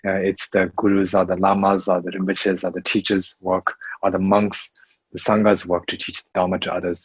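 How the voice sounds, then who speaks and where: A very low-voiced, husky man gives a Buddhist lesson at an unhurried, halting pace, often pausing on fillers and restarting his sentences. The recording sounds dull and dry, with little room around the voice. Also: monotone, no echo. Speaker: Buddhist teacher. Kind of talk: Dharma teaching in English.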